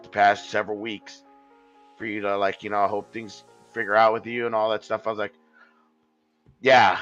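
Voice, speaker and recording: A man's voice: mid-range voice, bright, forceful tone, lo-fi sound. A man telling a long personal story in a casual, rambling way, swearing often and restarting his sentences. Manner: rambling, profane, with many restarts.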